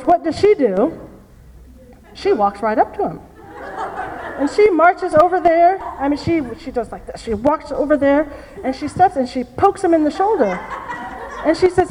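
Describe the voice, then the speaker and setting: A woman's voice: fairly high pitch, dark tone, slight background noise. A woman preaching a sermon, telling a personal story and repeating key phrases for emphasis. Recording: long reverb of a large hall.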